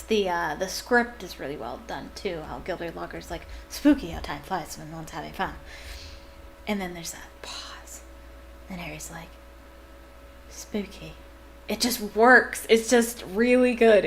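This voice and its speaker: A woman's voice: medium pitch, a little hiss or hum. A woman reading a novel aloud, breaking off into enthusiastic, chatty commentary. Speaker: reader and fan commentator.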